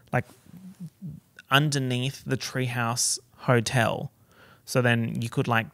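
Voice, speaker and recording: Sassy Australian man with a gravelly edge. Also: no echo, studio quality. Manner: camp, sassy and expressive, with big pitch swings. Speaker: podcast host. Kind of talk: solo podcast chat. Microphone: podcast microphone.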